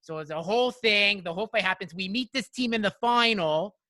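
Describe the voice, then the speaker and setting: A man's voice: high-pitched, a little fast, pushed and bright, no room sound. A man from Montreal hosting a podcast, telling stories in a rambling, casual way full of "like" and "you know". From Montreal, Canada. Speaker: podcast host. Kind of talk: casual chat, storytelling.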